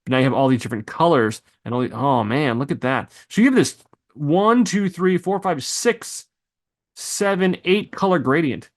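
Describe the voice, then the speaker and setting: A man teaching video editing software, thinking aloud as he clicks through presets, with loose asides and exclamations. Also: fairly high pitch, animated, normal speed. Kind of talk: screen-recorded software tutorial.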